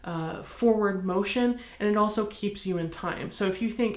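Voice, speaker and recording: An American woman teaching bassoon, explaining in a friendly way and counting beats aloud. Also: steady tone, moderate pace, a little hiss or hum. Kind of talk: instructional demonstration. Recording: echoey room.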